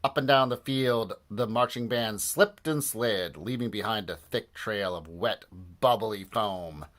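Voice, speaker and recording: A man reading a children's book aloud in a playful, animated way and doing voices for the characters. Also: on the low side, unhurried. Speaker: storybook reader.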